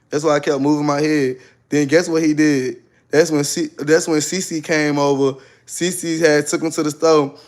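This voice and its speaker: Guy on a live stream spilling his story, dramatic and loud at times, kinda high voice. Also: clean tone. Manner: animated, dramatic, loud outbursts. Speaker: livestreamer. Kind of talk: livestream storytelling to viewers.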